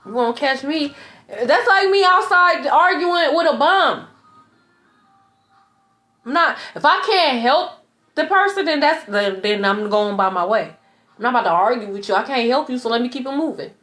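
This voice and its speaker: A woman's voice: sits high, expressive, normal speed, a bit bright. A young woman tarot reader ranting in a blunt, profane, repetitive monologue. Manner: blunt, profane, repeats herself.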